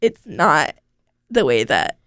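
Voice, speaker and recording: A woman's voice: low-pitched, sing-song, slow, fairly bright tone, no room sound, clean studio sound. A young woman co-hosting a podcast, chatting casually and filling her talk with "like". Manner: chatty, with many "like" fillers. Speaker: co-host. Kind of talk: casual chat. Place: radio studio.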